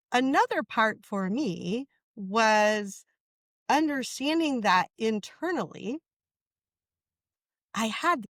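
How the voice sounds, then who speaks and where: A woman's voice: mid-range voice, fairly bright tone, no echo. A woman speaking as an interview guest, telling her story in an earnest, emphatic way and often checking in with "right?".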